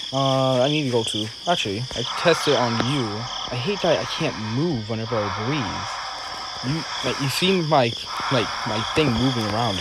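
A young man giving casual, excitable gameplay commentary, talking to himself in slang as he plays. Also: mid-range voice, poor audio. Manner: excitable, talks to himself while playing, slangy. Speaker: gaming video creator. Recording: loud game music behind the voice.

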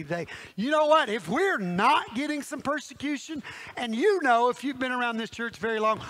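A man preaching a folksy sermon with a high, bright voice that cuts through. He talks straight to the congregation in the church, animated and chatty.

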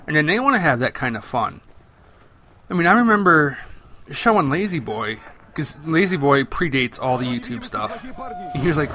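A man's voice: medium pitch, big pitch swings, moderate pace, sharp tone, a little hiss or hum. A man giving casual, rambling gameplay commentary, chatty and swearing freely. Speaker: gaming commentator.

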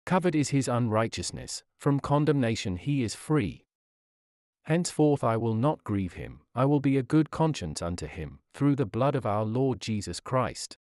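A man's voice: medium pitch, lively intonation, normal speed, darkish tone, dry recording, clean studio sound, close to an everyday voice. A man reading the part of Conscience, a relentless accusing spirit, in a stern and insistent way. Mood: subdued.

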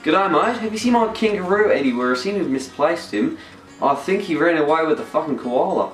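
A young man voicing a goofy male Australian bloke in a put-on Australian accent, high and exaggerated. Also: expressive, a little fast, close to an everyday voice. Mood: silly. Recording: roomy, mic at a distance, music.

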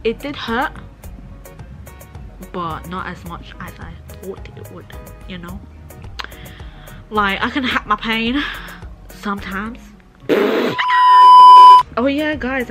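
A woman's voice: on the high side, takes it slowly, long pauses. A woman, chatting casually to camera in a playful, teasing, self-mocking way. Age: early 20s. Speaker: vlogger. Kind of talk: casual vlog chat to camera. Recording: background music clearly audible.

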